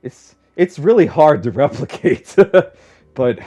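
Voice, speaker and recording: A man's voice: on the high side, sing-song, slow, warm tone, soft background music. A young man rambling casually as a podcast guest, swearing often and filling his talk with "like.". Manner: rambling, swears a lot, heavy use of "like". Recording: dull lo-fi audio.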